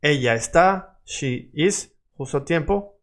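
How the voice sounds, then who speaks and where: Guy teaching online, voice a bit high, says the same phrase over and over so you can copy it. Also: lively intonation, a little slow. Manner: drills phrases by repeating them over and over; switches between English explanation and Spanish examples. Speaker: Spanish teacher. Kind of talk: online language lesson.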